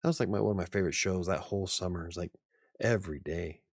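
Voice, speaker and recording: A man's voice: low voice, fast talker, slightly rough, no echo, studio quality. A man in his forties hosting a casual live stream, rambling and chuckling often. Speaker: channel host.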